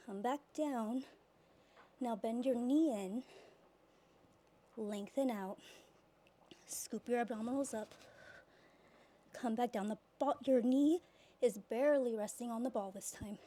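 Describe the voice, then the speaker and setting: A woman's voice: on the high side, slow pace, pauses often, warm tone. A woman leading a pilates workout class, giving exercise cues while she works out herself and gets out of breath. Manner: cueing exercises while working out, breathy exhales. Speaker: pilates instructor.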